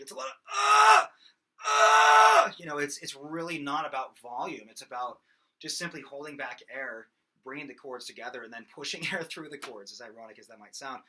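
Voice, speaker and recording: A young man teaching singing in a loose, rambling way, full of fillers. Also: mid-range voice. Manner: rambling, many fillers, breaks into loud sung demos. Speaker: vocal instructor. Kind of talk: casual singing lesson.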